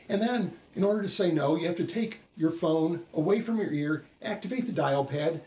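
A man's voice: a little high, a little mellow, roomy sound. A man giving a conversational business talk, telling wry anecdotes with frequent "uh" fillers. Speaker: business speaker and author. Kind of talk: explainer talk to camera.

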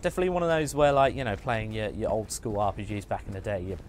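A man's voice: lowish voice, fast talker, a little hiss or hum. Chatty man streaming a game. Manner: chatty, jokey, mutters asides to himself. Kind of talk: casual gaming commentary.

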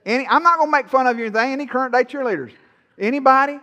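A man's voice: very high-pitched, racing, pushed and bright, big-room sound, dull audio. A man preaching a sermon to his congregation, folksy and playful, teasing the people in the pews. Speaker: pastor. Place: church sanctuary.

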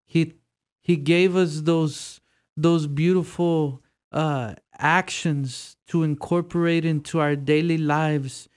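A man's voice: fairly high pitch, fairly even intonation, slow, a little mellow. A man, a priest, giving an earnest and encouraging reflection to a prayer group.

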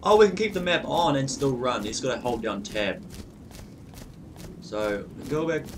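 A man hosting a let's play, cursing and reacting excitably as he plays. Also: mid-range voice, normal speed, noisy background. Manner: profane, excitable running reactions. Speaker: gaming channel host. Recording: distant mic with loud game music. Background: game music.

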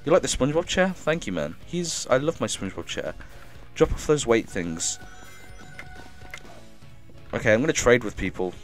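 A man streaming a game live, reading chat aloud and thanking viewers with excitable energy, coughing now and then as if ill. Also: mid-range voice, moderate pace, pauses often, faint music behind.

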